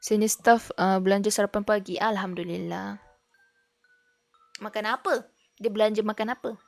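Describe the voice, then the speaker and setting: A woman's voice: medium pitch, steady tone, fairly quick, creaky, pauses often. A woman from Malaysia, a native Malay speaker with a Malaysian English accent, chatting casually on a live stream and reading aloud, switching freely between Malay and English. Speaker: VTuber streamer. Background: faint background music.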